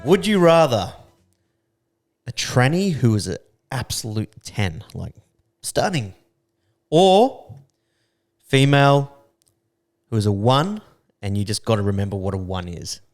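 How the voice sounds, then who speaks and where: A man's voice: medium pitch, big pitch swings, a little slow, long pauses, darkish tone. An Australian man co-hosting a podcast, laid-back and jokey, chatting over beers. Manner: laid-back, jokey, uses Aussie slang like "mate". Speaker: podcast co-host. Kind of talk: casual chat over beers.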